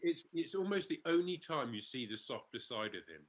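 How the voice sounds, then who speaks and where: A man co-hosting a podcast who talks casually about a film, pausing and searching for words as he explains his view. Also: medium pitch, very animated. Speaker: podcast co-host. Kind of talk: casual film review chat.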